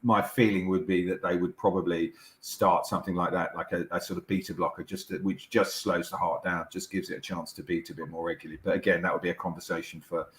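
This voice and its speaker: A middle-aged man, a doctor explaining things in a measured, reassuring way with frequent restarts. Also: low voice, flat delivery. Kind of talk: explaining as an interview guest. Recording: echoey room sound.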